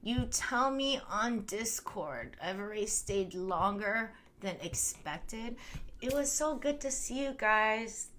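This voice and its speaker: A woman in her thirties hosts a casual live stream with a bright, forceful voice. She rambles freely, laughs often and reads out comments from her viewers. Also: a little high, lively intonation, takes it slowly, a little hiss or hum. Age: 30s.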